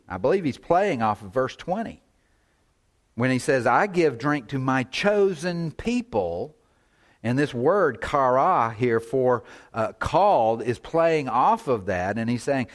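A man preaches through a scripture passage at an unhurried pace, his voice sitting at an ordinary male pitch. He reads verses aloud, then explains them, pressing on single words for emphasis and voicing God's side of the text in the first person. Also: animated. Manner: measured, stresses key words, paraphrases God in first person. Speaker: pastor. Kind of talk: expository sermon.

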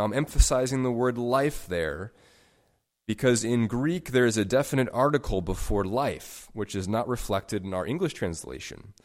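A man preaching a sermon, stressing words by stacking them and swinging sharply between soft and loud. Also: medium pitch. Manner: emphatic, with sharp swings in loudness. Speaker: pastor.

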